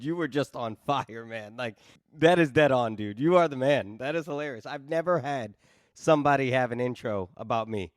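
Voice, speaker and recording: A man's voice: mid-range voice, no echo, studio quality. A man hosting a podcast with a New England accent, chatting casually and enthusiastically, swearing freely and calling his guest dude. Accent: New England (Boston). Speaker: podcast host.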